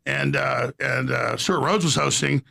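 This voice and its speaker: A man's voice: mid-range voice, steady tone, measured pace, vocal fry, pushed and bright. A man speaking with heated outrage in a political talk show discussion.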